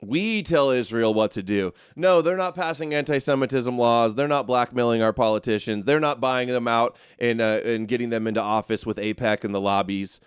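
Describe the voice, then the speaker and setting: Male host, sarcastic live commentary, smooth resonant tone, dry close sound. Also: medium pitch, steady tone, no echo. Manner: mocking, sarcastic, quick asides. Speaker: show host. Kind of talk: live commentary reacting to clips.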